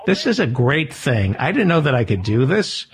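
A man's voice: medium pitch, very animated, normal speed. A man hosting a podcast, needling and mock-accusing his co-host in comedic banter.

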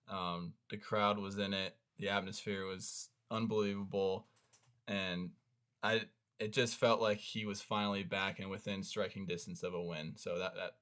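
A young man co-hosting a casual sports podcast, telling stories in a low-key, earnest way. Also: a bit bright. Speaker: podcast co-host.

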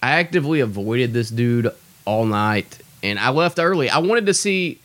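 A young stand-up comic hosts a podcast, launching into a profane, exasperated, self-deprecating rant. His mid-range voice has lively intonation, a moderate pace and a fairly bright tone, with no echo.

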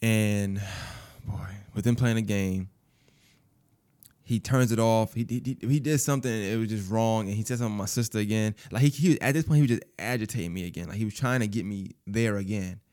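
A man's voice: on the low side, a little fast. A man telling a personal story in casual, profane speech, acting out other people's lines as he goes. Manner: animated, profane, acts out quoted voices.

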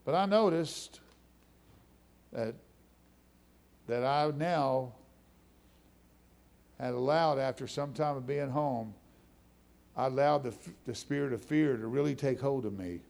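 A man's voice: medium pitch, takes it slowly, vocal fry, pauses often, darkish tone. A middle-aged man preaching a testimony sermon, telling his story in a conversational way that builds into fervent preaching.

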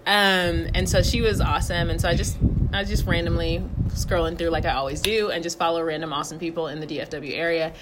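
A woman's voice: fairly low pitch, steady tone, quick pace, very noisy. A woman hosting a casual podcast chat, giggling often and stumbling over her words. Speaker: podcast host.

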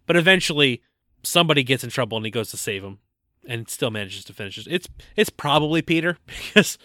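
A man's voice: mid-range voice, lively intonation, quick pace, bright, forceful tone, dry recording, clean studio sound. A man co-hosting a casual movie-review podcast, joking and recapping the plot with stumbles and laughs. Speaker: podcast co-host.

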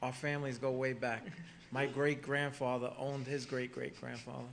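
A man's voice: mid-range voice, little pitch movement, moderate pace, vocal fry, a bit bright, a little hiss or hum. A man guesting on a comedy podcast, telling a heckler story in a dry, understated way. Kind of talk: casual chat.

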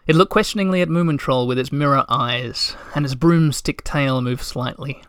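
A man narrating a storybook in a calm, measured way. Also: mid-range voice, clean tone, no echo, studio quality. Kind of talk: audiobook narration.

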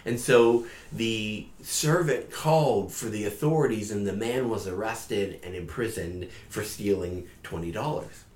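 A man's voice: on the low side, steady tone, unhurried, few pauses, darkish tone. A man retelling a parable in a casual storytelling sermon, with fillers along the way. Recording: echoey room.

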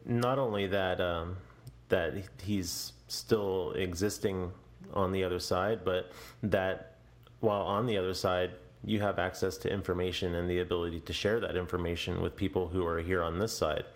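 A man's voice: deep voice, fairly even intonation, normal speed. A man hosting an interview, reflecting on and summing up what his guest said. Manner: reflective, summarizing. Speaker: host. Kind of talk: interview conversation.

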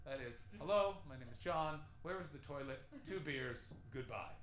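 A man's voice: medium pitch, lively intonation, moderate pace, fairly bright tone, echoey room, a little hiss or hum, poor audio. A man in his thirties doing a stand-up set on a club stage, telling rambling, self-deprecating stories with crude asides. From Canada. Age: 30s. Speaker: stand-up comedian.

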